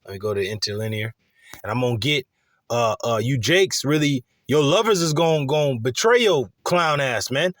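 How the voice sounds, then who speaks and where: A man's voice: mid-range voice, animated, normal speed, a bit bright, no echo, studio quality. A man preaching scripture in blunt, crude street slang, heated and loose with many fillers. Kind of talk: profane street-style scripture teaching.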